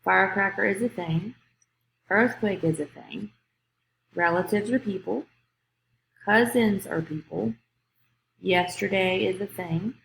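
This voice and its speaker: A woman's voice: mid-range voice, unhurried, gravelly, pauses often, fairly bright tone, slight background noise. A woman, teaching a grammar lesson to young students. She explains patiently step by step and checks in with "okay?". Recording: echoey room.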